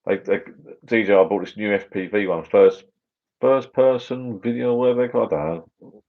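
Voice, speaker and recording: A man's voice: lowish voice, moderate pace. A middle-aged English man hosting a casual livestream from his garden bar, chatting and answering viewers in a rambling, matey way. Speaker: livestream host. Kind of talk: casual live chat reading viewer comments. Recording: dull lo-fi livestream audio.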